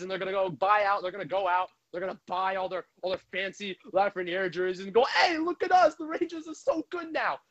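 A man's voice: high-pitched, lo-fi sound. A man delivering a heated, profane sports rant as a frustrated hockey fan, speaking into a microphone. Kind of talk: ranting sports commentary.

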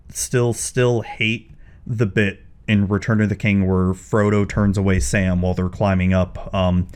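Casual chat, man with a lowish voice, blunt and opinionated, swears freely.

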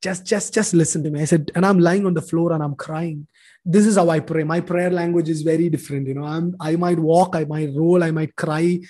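Brief: thirties preacher, high tenor, emotional heartfelt storyteller. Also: male voice, steady tone, fairly quick, mellow. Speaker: preacher giving a testimony. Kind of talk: personal testimony sermon.

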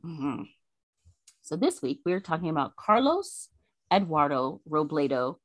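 Chatty woman podcast co-host, low voice. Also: very animated, measured pace, no room sound. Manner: chatty, laughs often, many fillers. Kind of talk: casual chat.

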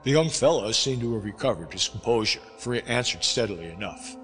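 A man narrating a classic sea novel aloud in an expressive storytelling manner. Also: on the low side, fairly quick, hardly any pauses. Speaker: audiobook narrator. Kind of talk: scripted narration. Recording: reverberant with music behind.

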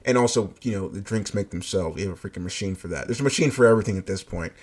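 A man with a husky voice recounts a work story in casual, animated speech. He swears freely and breaks into laughter throughout. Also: on the low side, very fast. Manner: animated, profane, laughing asides. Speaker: fast-food shift lead.

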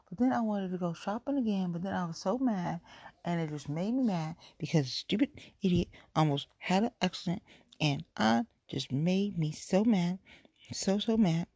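Middle-aged woman ranting on her podcast, husky and dark, pitch swinging all over, dry close sound. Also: no room sound. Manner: rambling, exasperated, repeats herself. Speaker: podcast host. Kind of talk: casual solo podcast venting.

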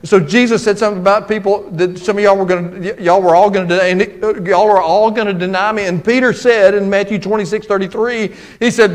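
Guy preaching, high voice, chatty and folksy, goes loud then real quiet. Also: steady tone, quick pace, hardly any pauses. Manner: folksy, conversational preaching with lots of y'all and man; swings from loud and emphatic to hushed and low. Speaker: pastor. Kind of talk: sermon.

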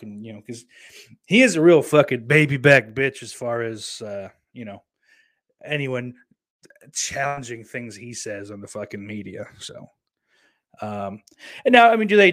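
A man's voice: medium pitch, a bit bright. Man, Southern US accent, host reading chat, casual, profane, rambling.

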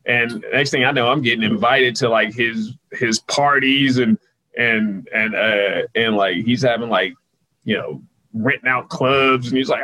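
A man being interviewed as a guest, telling casual stories and acting out the people he quotes in a higher, louder voice. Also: a little slow, rough recording. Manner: animated storyteller, jumps higher and louder when quoting people. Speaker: guest, sports PR consultant.

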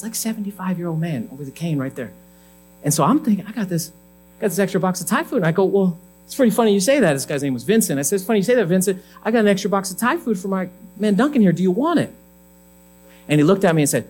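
A man's voice: high-pitched, fast, poor audio. A male pastor giving a conversational sermon, telling a story and acting out the people in it. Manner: conversational, animated, acts out dialogue.

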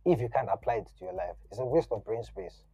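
A man giving a casual, conversational sermon, animated and slangy in his asides. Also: lowish voice, fast talker, breathy edge, no echo. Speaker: preacher. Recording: dull lo-fi audio, faint music.

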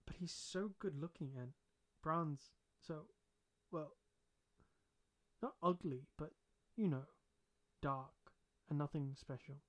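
A man's voice: on the high side, slow, a bit bright. A man reading as an eager, teasing young woman. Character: outgoing, teasing young woman medical student.

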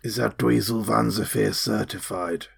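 A man's voice: fairly low pitch, steady tone, unhurried, vocal fry, a little hiss or hum. A man playing a tabletop game, making wry, dry jokes. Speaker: player. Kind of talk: casual tabletop game play.

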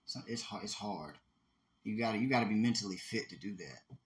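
A man's voice: on the low side, fairly quick. A man co-hosting a podcast, chatting casually in a rambling, profane way. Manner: rambling, profane, laughs and breaks into loud animated voices. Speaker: podcast co-host. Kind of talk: casual chat.

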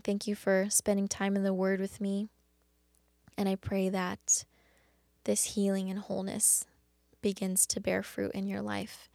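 A woman hosting a faith devotional talk, speaking earnestly and haltingly with many restarts. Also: mid-range voice, creaky, a little mellow, no room sound. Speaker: podcast host.

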